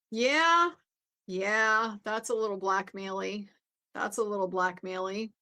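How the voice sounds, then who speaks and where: A woman's voice: a little high, slow pace, pushed and bright. Woman legal commentator, casual recap, conversational and unscripted. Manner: conversational, many fillers and restarts.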